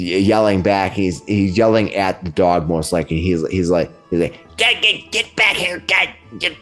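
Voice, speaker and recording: A man's voice: on the low side, a little mellow. A man narrating a tabletop game as game master, often repeating words as he goes.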